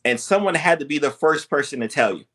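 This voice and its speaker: A physician hosting an interview, speaking empathetically with frequent halting restarts. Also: male voice, on the high side, animated, fairly bright tone. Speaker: physician host. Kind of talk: conversational interview.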